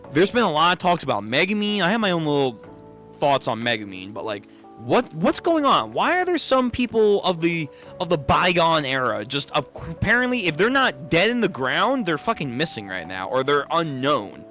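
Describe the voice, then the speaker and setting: A man giving casual reaction commentary on a manga read-through, animated and exclaiming in disbelief, with frequent swearing. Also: on the high side, moderate pace, soft background music.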